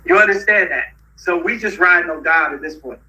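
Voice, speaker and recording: A man's voice: a little high, a little fast, bright, forceful tone, far from the mic, muffled recording. A man talking as an interview guest, rambling through a story and laughing often. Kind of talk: casual rambling talk.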